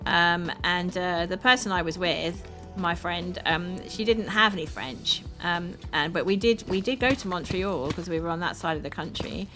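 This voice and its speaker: A woman from South London with a South London accent, chatting casually with her viewers while playing a game, upbeat and quick to laugh. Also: on the low side. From South London, England. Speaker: streamer. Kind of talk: casual chat with live chat while gaming. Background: background music.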